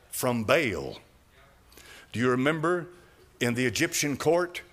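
A man preaching a sermon as pastor, fiery and dramatic, swinging between loud cries and low asides, with chuckles along the way.

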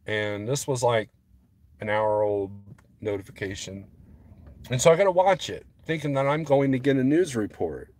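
A man's voice: medium pitch, animated, normal speed, darkish tone. A man vlogging as a trucker, rambling casually to his viewers and getting worked up as he talks. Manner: rambling, restarts often, gets heated.

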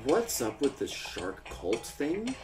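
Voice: medium pitch, wildly swooping pitch, slow, recorded from a distance, music in the background. A co-host in a casual comedic reaction video, making dry, wry quips about a bad movie.

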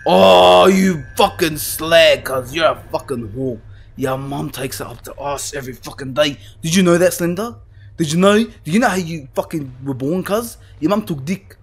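A young man playing a horror game, swearing and panicking as he yells at the screen. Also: a little high, normal speed, vocal fry, breathy edge. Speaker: gaming YouTuber. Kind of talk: horror game let's play.

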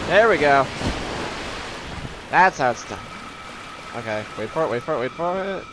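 An excitable man talks through a video game in a high, lively voice that leaps up sharply whenever he gets hit. He mocks himself and groans at his failures. The recording carries a clear layer of background noise. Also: moderate pace, long pauses. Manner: excitable, yelps and groans at deaths, self-mocking. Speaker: gameplay commentator. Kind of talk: let's play commentary.

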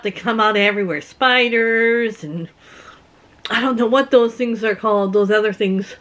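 A middle-aged Canadian woman vlogs from her rural home, chatting casually to her viewers, telling stories and laughing often. Her voice is medium in pitch with a fairly bright tone.

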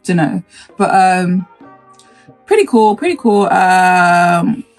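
A woman with a husky voice, talking casually in a gaming reaction vlog and breaking into excited exclamations before rambling on. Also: lowish voice, slow, soft background music. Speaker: gaming YouTuber.

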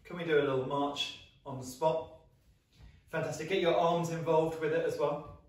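Upbeat British man leading a singing warm-up. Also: on the high side, steady tone, normal speed. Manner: upbeat, encouraging, leads vocal warm-ups and sound effects. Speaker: singing assembly leader. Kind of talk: lively music lesson for children. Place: small flat, echoey room. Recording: echoey room, mic at a distance.

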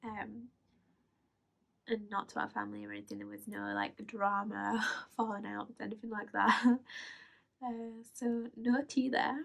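A woman in her twenties from England telling a personal story to camera in a chatty, halting way, full of fillers and small laughs. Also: mid-range voice, expressive, vocal fry, a bit bright. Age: 20s. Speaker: vlogger.

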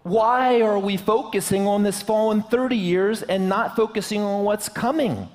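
A man's voice: high voice, normal speed, in a large hall. A man preaching a sermon to his church, in a joking, conversational way. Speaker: pastor. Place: church sanctuary.

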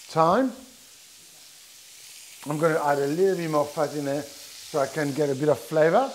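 A middle-aged French-accented chef talks his viewers through a live cooking demo, chatty and full of restarts. His voice sits a little high. A soft sizzle from the pan and a light hiss run underneath. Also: low-quality recording. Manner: chatty, explains step by step with many restarts. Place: kitchen with food sizzling. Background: frying sizzle.

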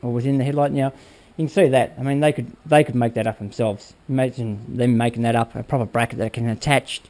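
A man's voice: medium pitch, fairly even intonation, fast, a little mellow. A man casually talking viewers through a motorbike build in his workshop, rambling and checking in with "all right?" as he goes. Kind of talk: casual workshop how-to talk.

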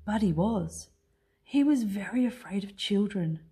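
A woman teacher reading a children's picture book aloud in an expressive, unhurried way. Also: medium pitch, breathy edge. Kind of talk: storybook read-aloud.

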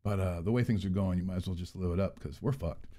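A man's voice: low-pitched, fast talker, mellow. A man hosting his own channel, ranting in a rambling, profane, exasperated way, recorded on an earbud mic. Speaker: channel host. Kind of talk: casual vlog rant.

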